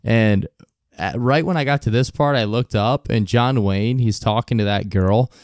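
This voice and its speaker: Male podcast host, casual and profane, loose storytelling, smooth clear voice, dry close mic. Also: lowish voice, moderate pace, darkish tone, no room sound. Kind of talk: casual podcast chat, reading out a quote.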